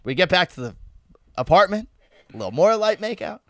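A man's voice: sits high, sing-song, a little fast, sharp tone, no room sound, studio quality. A man telling a wild party story in casual chat, laughing and swearing freely.

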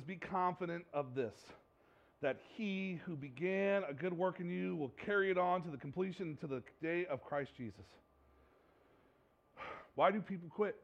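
A man's voice: high-pitched, creaky. Impassioned male pastor preaching, lo-fi. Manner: impassioned, swings from hushed to loud. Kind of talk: sermon.

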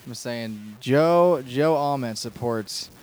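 A man chatting as a podcast guest at a friend's home, teasing and quick to laugh. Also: mid-range voice, a little mellow, smooth. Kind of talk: casual podcast chat.

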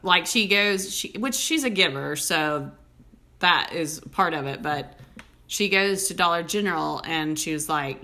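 A woman, hosting a podcast and telling stories in a casual, animated way full of "like" fillers. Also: sits low, normal speed. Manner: animated storyteller, many "like" fillers. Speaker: podcast host. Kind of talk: casual chat.

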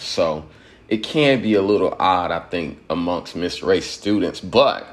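A man from Georgia, giving a loose, profane commentary monologue and laughing at his own points. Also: low voice.

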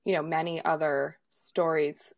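Giggly gravelly-voiced podcast host woman. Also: sits low, little pitch movement, a little slow, no room sound. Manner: giggly, restarts often. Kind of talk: casual chat.

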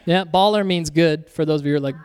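High, smooth-voiced preacher man. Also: fast talker, in a large hall. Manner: energetic, joking, conversational. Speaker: pastor. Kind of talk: sermon. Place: church.

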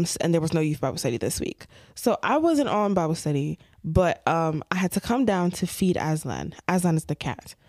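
A young woman co-hosting a podcast, telling a story in a casual, animated way and acting out the scenes. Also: on the low side, no echo, clean studio sound. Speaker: podcast co-host.

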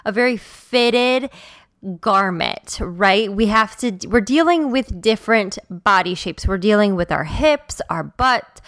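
Woman podcaster, excitable, rambling, smooth clear voice, dry close sound, slow unhurried delivery. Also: medium pitch, dry recording. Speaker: podcast host, stylist. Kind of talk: solo podcast monologue.

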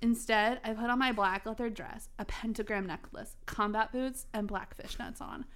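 A woman's voice: on the high side, normal speed, a bit bright. A young woman co-hosting a podcast, reading fan fiction aloud and breaking off to comment with giggles. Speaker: podcast co-host.

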